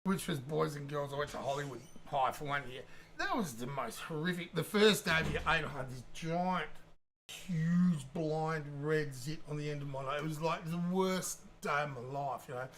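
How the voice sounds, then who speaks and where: Bright gravelly male host. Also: on the high side, normal speed. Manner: chatty, interjecting, teasing. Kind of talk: casual chat.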